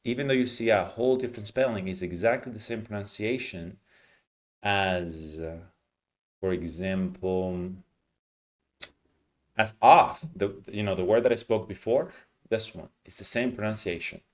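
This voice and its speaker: A man teaching English pronunciation, explaining patiently and modeling words slowly with clear stress. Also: on the low side. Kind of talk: teaching lesson, explaining reading aloud.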